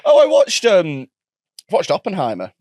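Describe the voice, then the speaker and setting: A man's voice: high-pitched, huge pitch swings, normal speed, a little mellow, no room sound, clean studio sound. A man co-hosting a comedy podcast, telling rambling stories and laughing along. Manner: rambling, laughing anecdote-teller. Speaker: podcast co-host.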